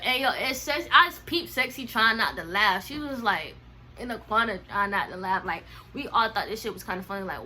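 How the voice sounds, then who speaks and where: A young woman telling a casual storytime, animated and slangy, acting out the other people's lines with big swings in pitch and loudness. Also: moderate pace, a little hiss or hum. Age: young adult. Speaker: storyteller vlogger.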